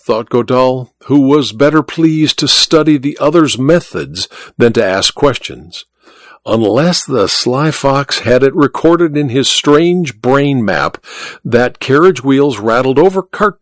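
A man reading a classic story aloud as narrator, with an expressive storytelling delivery. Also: mid-range voice, slow pace, dry recording, studio quality.

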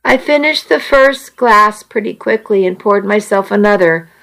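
A woman reading a first-person romance story aloud in a soft, intimate way. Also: medium pitch, animated, moderate pace, vocal fry, low-quality recording. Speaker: audiobook narrator.

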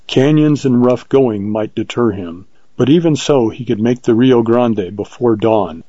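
A man narrating an audiobook with steady scripted storytelling. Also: mid-range voice, breathy edge, dry recording, highs cut off.

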